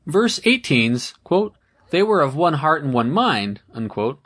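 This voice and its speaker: A man reads a scholarly essay aloud in a fairly high voice. His pitch rises and falls freely as he reads. He gives scripture a solemn, measured cadence and shifts into plain commentary. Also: very animated, fairly bright tone.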